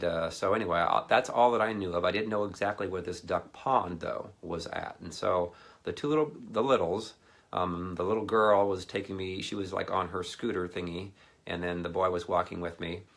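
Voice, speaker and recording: A man's voice: deep voice, creaky. A man giving a casual, rambling sermon, telling a personal anecdote and acting out what others said. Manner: rambling anecdotal delivery with animated quoted voices. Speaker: ministry speaker.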